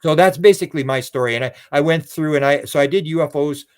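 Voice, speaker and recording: A man's voice: on the high side, fast talker, a little mellow, smooth. An older man from Canada, a guest researcher in a casual interview, telling long rambling stories, repeating words and acting out voices he quotes.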